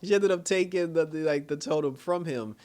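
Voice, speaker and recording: A man's voice: a little high, a little fast, darkish tone. A man casually reviewing a TV episode, rambling with many fillers and frequent chuckles. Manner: rambling, full of "you know" and "like" fillers; chuckles often while recapping.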